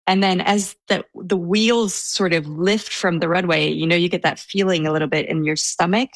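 A soft-spoken woman telling a personal story in an interview, with hesitant restarts and a self-described introverted manner. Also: lowish voice, steady tone, moderate pace, dry recording. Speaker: guest recounting a personal story.

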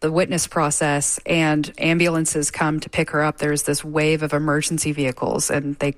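Low-voiced woman reporter, dry sound. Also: completely flat delivery, no room sound. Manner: measured, with frequent fillers. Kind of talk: live news interview.

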